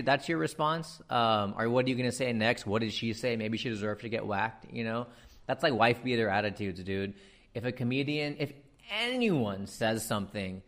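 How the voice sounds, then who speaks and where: In a lowish voice, an American comedian launches into an exasperated, animated monologue. He swears without restraint and drops in fillers as he rants.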